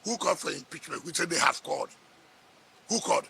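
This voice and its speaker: A man's voice: a little high, sing-song, fast talker, gravelly, pushed and bright, a little hiss or hum. A middle-aged man with a Nigerian accent, a politician sparring in a heated press interview, combative and scoffing, repeating his words.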